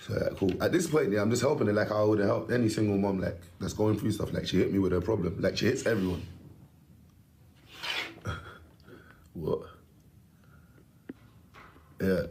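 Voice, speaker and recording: A man's voice: medium pitch, a little mellow. Ranting young man, echoey. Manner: rambling, emphatic, swears, street slang. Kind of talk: casual ranting story.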